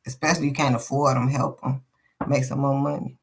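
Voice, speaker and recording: A woman with a low voice runs a loose live-stream tarot reading, thinking out loud as she goes. Her talk is blunt and full of swearing, and it wanders from one thought to the next. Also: flat delivery, fairly quick, vocal fry, slight background noise. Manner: profane, candid and rambling, thinking aloud. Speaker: tarot card reader.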